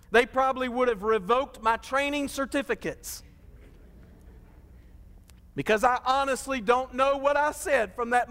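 A man's voice: a bit bright, smooth. Impassioned preacher man in a reverberant church. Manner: impassioned, swells to drawn-out high peaks. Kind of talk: sermon. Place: church sanctuary. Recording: long hall reverb.

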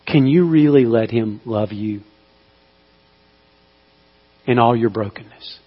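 Preacher swinging from hush to cries. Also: male voice, mid-range voice, slightly rough. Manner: swings from hushed, slow appeals to loud, pleading cries. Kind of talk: sermon. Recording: dull sound with long hall reverb.

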